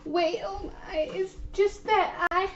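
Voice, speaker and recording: A woman on a prank phone call, telling her story in a slow, halting, stammering way. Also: very high voice, fairly even intonation. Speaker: prank caller posing as a frail lady.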